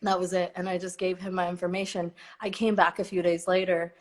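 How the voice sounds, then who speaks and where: A woman's voice: on the low side, brisk. A woman from Napa, California, telling a story as a guest artist in a casual conversation, with lots of fillers and restarts. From Napa, California, USA. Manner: animated, laughs often, lots of fillers and restarts.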